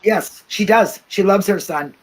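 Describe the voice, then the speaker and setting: A woman's voice: mid-range voice, unhurried, low-quality recording. A woman hosting a casual talk-show discussion, talking emphatically, repeating herself and often asking "you know what I mean?".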